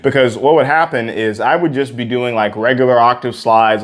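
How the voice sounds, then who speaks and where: A young man teaching a singing warm-up, talking earnestly and repeating words for emphasis. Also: medium pitch, steady tone, normal speed. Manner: earnest, repetitive, encouraging. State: out of breath after exercises. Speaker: vocal coach. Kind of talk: singing lesson with demonstrations. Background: piano.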